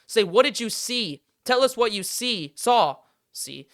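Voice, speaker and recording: A man's voice: very high voice, lively intonation, unhurried, a bit bright, no room sound, clean studio sound. A young man hosting a podcast, ranting in heated, frustrated casual sports commentary and swearing freely. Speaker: podcast host.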